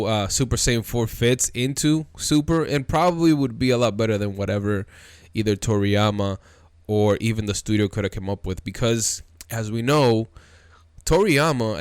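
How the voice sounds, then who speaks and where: A man hosting a casual anime commentary video, talking excitedly and loosely, calling viewers dude and bro. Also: lowish voice, clear, resonant tone, no echo. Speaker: video host.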